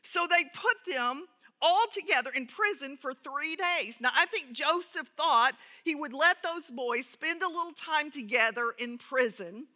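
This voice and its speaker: A woman's voice: high voice, pushed and bright. A woman teaching a Bible lesson who tells an anecdote, reads scripture aloud and adds earnest commentary. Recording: reverberant hall.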